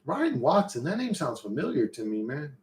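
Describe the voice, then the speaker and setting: A man's voice: on the high side, very animated, moderate pace, darkish tone. Rambling, slangy man in a roomy space. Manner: loose, profane, street slang, frequent restarts. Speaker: livestream host reading chat. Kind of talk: rambling casual storytelling. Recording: roomy echo.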